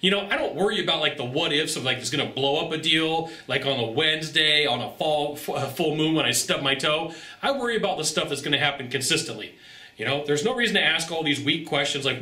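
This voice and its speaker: A man coaching on sales in an animated, joking way, often jumping into high, acted-out voices. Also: fast talker, roomy sound. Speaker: sales trainer. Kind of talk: energetic motivational sales coaching monologue.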